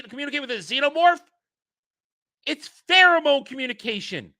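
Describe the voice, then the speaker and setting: High, sharp-voiced ranting male reviewer. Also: sing-song, moderate pace, pauses often, dry recording. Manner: ranting, exasperated and sarcastic. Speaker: show reviewer. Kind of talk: casual commentary over an episode.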